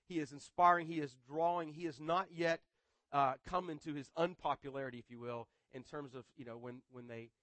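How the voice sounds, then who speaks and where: A man's voice: a little high, fairly bright tone, no echo. A man preaching a sermon in a conversational way, often repeating words and adding humorous asides. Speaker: pastor.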